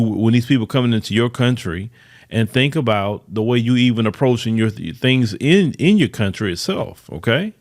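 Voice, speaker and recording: A man hosting a podcast, giving emphatic news commentary, reading reports aloud and repeating words for stress. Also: medium pitch. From United States. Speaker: podcast host.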